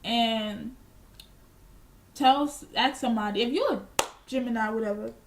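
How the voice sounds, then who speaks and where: A young woman with a fairly high voice tells a storytime to her camera. She is blunt and profane, and proudly petty as she talks. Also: a little slow, background noise. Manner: boastfully petty. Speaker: vlogger. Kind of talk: casual storytime.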